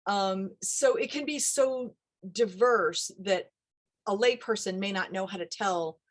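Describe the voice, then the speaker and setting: Animated woman dialect coach. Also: medium pitch, a little slow. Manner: animated, acts out quoted voices, laughs often. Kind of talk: casual interview talk.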